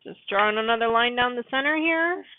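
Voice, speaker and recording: A woman's voice: on the high side, brisk. Chatty woman on a tinny line. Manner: chatty, apologetic, laughs often. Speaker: live-stream quilting host. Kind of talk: casual live-stream sewing chat. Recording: dry, phone-like narrow sound.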